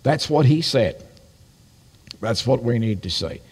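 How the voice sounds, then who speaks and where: A man's voice: medium pitch, animated, measured pace, darkish tone, slightly rough. An older man, a pastor, preaching a sermon in a folksy, storytelling way with friendly asides. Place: church sanctuary. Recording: live-streamed church service with long reverb.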